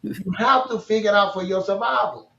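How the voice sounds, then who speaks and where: A man's voice: sits high, fairly quick, gravelly, far from the mic. A man co-hosting a show, telling stories and giving emphatic, repetitive motivational advice. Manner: animated, laughing, repetitive, emphatic. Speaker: podcast co-host. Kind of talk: casual motivational storytelling. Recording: dull, roomy audio.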